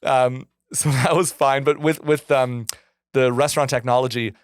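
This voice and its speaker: A man guest on a podcast, chatting casually and telling lively stories about his old sales jobs. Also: mid-range voice, normal speed, clean tone, no room sound, clean studio sound. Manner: animated storyteller acting out phone calls. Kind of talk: casual chat.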